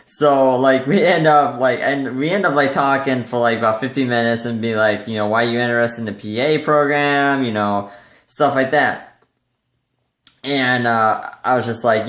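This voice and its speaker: A young man chatting casually to the camera in a rambling vlog, full of fillers and lively when quoting others. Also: mid-range voice, normal speed. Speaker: vlogger. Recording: echoey room.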